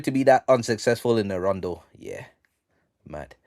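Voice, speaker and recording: A man casually recapping a manga chapter on a live stream, slangy and full of ums, reading the quotes out flat. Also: lowish voice, moderate pace, no echo, studio quality. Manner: slangy, reads out quotes flatly, many ums.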